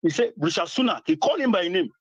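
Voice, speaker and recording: A man with a Nigerian accent chatting casually with the host, telling a story in a lively way and mixing in Pidgin. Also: high voice, fast talker, slightly rough, dry recording, highs cut off. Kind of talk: casual chat.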